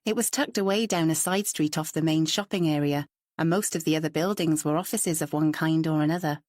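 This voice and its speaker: A woman narrating a novel in calm, even scripted storytelling. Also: deep voice, a little fast, dry recording, clean studio sound. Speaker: audiobook narrator.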